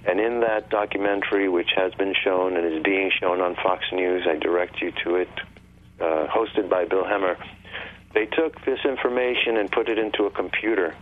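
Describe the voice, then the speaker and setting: A man's voice: deep voice, fairly even intonation, normal speed. A man talking on a radio show, explaining at length in an insistent way over a phone line. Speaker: guest. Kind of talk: radio call-in talk.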